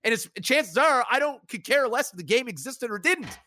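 A man's voice: normal speed, no echo, clean studio sound. A man in his thirties, a podcast co-host and streamer, talking candidly and reflectively in casual chat. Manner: candid, reflective, animated rises in pitch.

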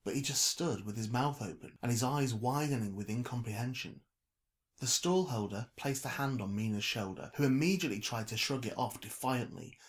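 A man narrating a novel in an even, measured storytelling voice. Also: medium pitch. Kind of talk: audiobook narration.

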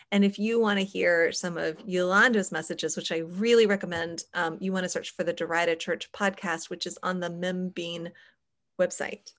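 A woman's voice: on the low side, fairly bright tone. A middle-aged woman hosting a podcast, chatting casually with frequent fillers and laughs. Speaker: podcast host.

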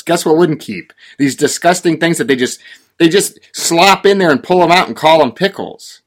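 A man's voice: medium pitch, moderate pace, fairly bright tone. A man from rural Oregon, co-hosting a casual chat and telling a ranting story with growing exasperation. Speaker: podcast co-host.

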